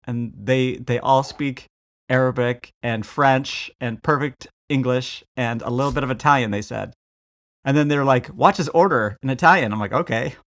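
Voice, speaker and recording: Brief: American male podcast co-host, easygoing, animated anecdote teller, mid-range voice. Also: mid-range voice, normal speed. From United States. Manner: chatty storyteller, animated quoting. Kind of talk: casual chat.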